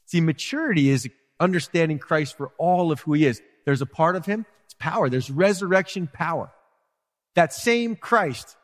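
A man preaching a sermon as pastor, animated, acting out quotes and asides to his congregation. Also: on the high side, big-room sound.

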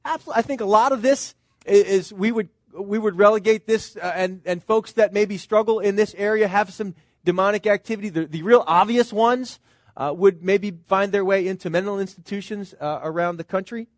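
Speaking at a moderate pace, a middle-aged pastor delivers an earnest, conversational sermon in a strikingly high voice. He repeatedly addresses the congregation with rhetorical questions, recorded dry without any room echo.

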